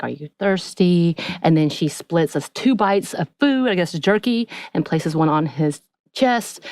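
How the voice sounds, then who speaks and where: A woman co-hosting a podcast, casually recapping a TV episode in a chatty, animated way. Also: low voice, no echo. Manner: chatty, animated retelling with acted-out quotes. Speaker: podcast co-host.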